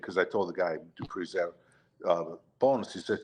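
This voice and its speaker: Older man telling animated stories. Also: on the low side, normal speed. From Detroit, USA. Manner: animated storyteller, acts out quotes, laughs often. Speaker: guest, retired football player. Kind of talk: casual storytelling chat.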